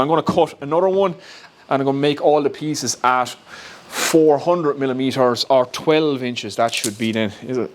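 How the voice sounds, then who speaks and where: A man's voice: mid-range voice, a little hiss or hum. A man with an Irish accent casually talking through a woodworking build step by step, recorded in his home workshop. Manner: chatty, explains step by step, laughs at himself. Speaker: woodworking YouTuber.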